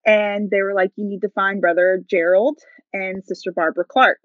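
A woman's voice: mid-range voice, steady tone, moderate pace, dry recording, dull audio. Earnest woman sharing a testimony. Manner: emotional storytelling, acts out quoted voices. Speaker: podcast guest. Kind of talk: personal faith testimony.

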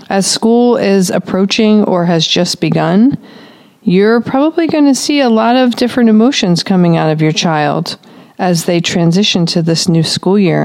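A woman working as a parenting coach, giving calm, explanatory advice to parents. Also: medium pitch, vocal fry.

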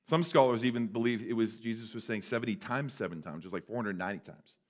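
A male pastor preaching a sermon in a church, conversational and animated, sometimes dropping to a hush for effect. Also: lowish voice, fast. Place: church sanctuary.

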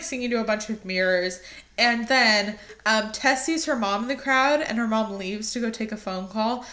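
A woman's voice: on the high side, fairly bright tone, roomy sound. An American woman co-hosting a podcast, recapping a movie in casual chat, joking and sarcastic with frequent laughs. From United States. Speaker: podcast co-host.

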